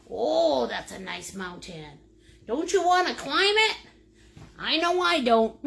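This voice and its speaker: A woman's voice: fairly high pitch, gravelly, sharp tone. A middle-aged woman teaching a live painting lesson in a playful, silly way, greeting viewers by name and laughing often. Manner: laughs often while talking. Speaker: painting instructor.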